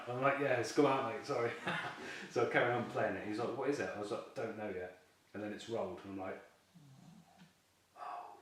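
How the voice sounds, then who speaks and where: A lowish-voiced man tells a story in a loose, chatty way and breaks into laughs often. He sits well back from the mic in a very echoey room, with a faint hiss behind him. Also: recorded from a distance. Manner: lively, chatty, laughs often while telling the tale. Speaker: carp angler, fishing team member. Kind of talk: casual storytelling in an interview.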